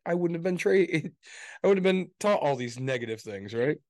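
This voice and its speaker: A man's voice: a little high, animated, normal speed, a little mellow, no room sound, studio quality. A man co-hosting a podcast in casual chat, rambling and swearing, often tagging his points with "right?". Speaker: podcast co-host.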